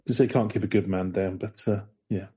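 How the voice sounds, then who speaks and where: A man co-hosts a casual podcast, reading his notes aloud in a rambling way full of fillers and dry jokes. His deep voice is steady, brisk and warm, with a slight roughness.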